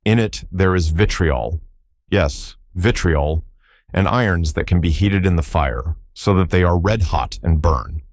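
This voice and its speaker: A man's voice: low-pitched, unhurried, dry recording. A man voicing a sneering, menacing foreign spy villain in an audiobook. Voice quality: silky, menacing.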